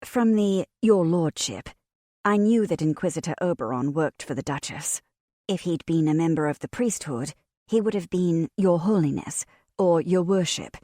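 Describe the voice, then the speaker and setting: A woman reads a cozy fantasy audiobook in the first person, wry and expressive. Her voice sits on the low side. The recording is dry and close, with no room sound. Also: normal speed, no room sound. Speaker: audiobook narrator.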